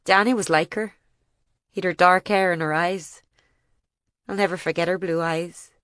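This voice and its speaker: A grieving older farmer , as a woman reads him recounts that day in plain, halting dialect. The voice is lowish and the recording is dry and close. It is an audiobook reading. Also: steady tone, a bit bright, clear, resonant tone, no echo, close to an everyday voice. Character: grieving older male farmer telling of a bombing.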